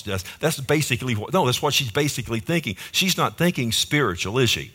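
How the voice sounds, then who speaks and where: A man preaching a sermon with rhythmic repetition and frequent calls to the congregation, dropping to hushed phrases and rising to loud emphasis. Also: expressive, brisk, few pauses, breathy edge. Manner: swings between low hushed phrases and sudden loud emphasis.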